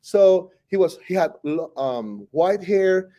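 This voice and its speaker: A man from Costa Rica with a Costa Rican Spanish accent, a teacher telling his life story in an animated, rambling way full of self-corrections. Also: high voice, slow, lo-fi sound. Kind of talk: personal storytelling interview.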